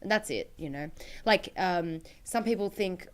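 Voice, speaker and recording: A woman's voice: lowish voice, measured pace. A woman co-hosting a livestream chat, talking earnestly and laughing easily. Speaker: co-host.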